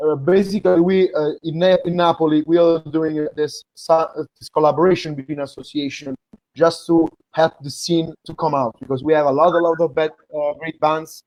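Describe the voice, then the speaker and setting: Italian-accented man hosting, halting English. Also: fairly high pitch, level tone, a little mellow, no room sound, poor audio. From Italy. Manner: halting, many fillers and restarts in English. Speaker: host. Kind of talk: interview chat. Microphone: video call.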